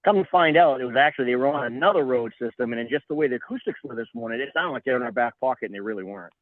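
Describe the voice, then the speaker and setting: A middle-aged man, a podcast guest, telling a story in a lively way and acting out what people said. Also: medium pitch, very fast, no room sound. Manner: animated, acts out quoted voices. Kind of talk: casual storytelling. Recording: tinny phone-like line, dry.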